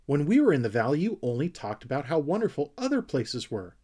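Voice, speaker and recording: A man's voice: a little high, sing-song, fairly quick, mellow. A man doing cheeky little Sniff. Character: small cheeky boy creature, blunt and boastful.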